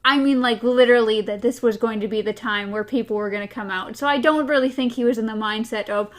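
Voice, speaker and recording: Sex: woman. Role: podcast co-host. Style: casual book talk, reading aloud. Pitch: fairly high. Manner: animated. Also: fast talker, few pauses. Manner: animated, laughs often.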